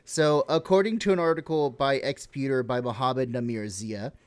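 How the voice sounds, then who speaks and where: A man's voice: medium pitch, moderate pace, clear, resonant tone. Rambling Texan guy on a podcast. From Texas. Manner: rambling, swears casually, explains with many likes. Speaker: podcast co-host. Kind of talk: casual podcast chat.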